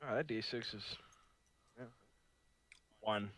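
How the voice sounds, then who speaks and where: Laid-back male player, bright voice. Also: fairly low pitch, slow, a little hiss or hum, rough recording. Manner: laid-back, swears casually, counts rolls aloud. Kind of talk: casual tabletop play.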